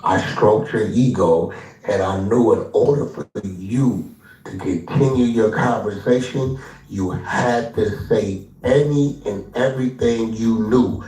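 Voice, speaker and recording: A man's voice: fairly low pitch, slow pace, warm tone. Taunting man ranting in a roomy room. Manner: taunting, acts out others' lines in mock voices. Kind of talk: confrontational street-slang rant. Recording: roomy distant audio with music behind.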